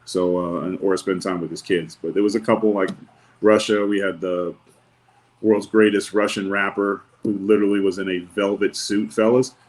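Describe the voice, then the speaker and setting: A man who wrestles and once worked as a bodyguard tells a lengthy story on a podcast, relaxed and dryly funny, voicing other people's lines as he goes. He has a deep, slightly mellow voice with little pitch movement and a moderate pace, and the audio is poor.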